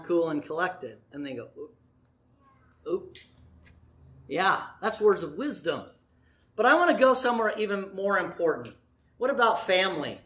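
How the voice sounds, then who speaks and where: Middle-aged male pastor, sermon; high, ringing voice, theatrical storyteller. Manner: dramatic storytelling, acting out voices, shifting from loud to soft.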